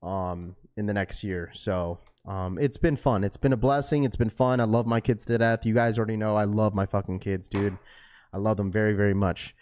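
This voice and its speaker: A man in his thirties hosting a sneaker livestream, chatting casually and excitedly with viewers in slang, with the odd swear word. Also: lowish voice, normal speed.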